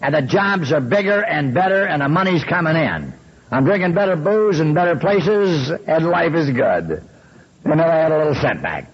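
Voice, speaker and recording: A man in his sixties telling his recovery story with wry, folksy humor, often clearing his throat. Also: a little high, big pitch swings, moderate pace, dull audio.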